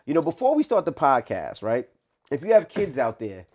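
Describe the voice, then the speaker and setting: Animated man telling stories on a podcast. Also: medium pitch, moderate pace. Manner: animated storyteller acting out quotes. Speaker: podcast co-host. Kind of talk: casual chat.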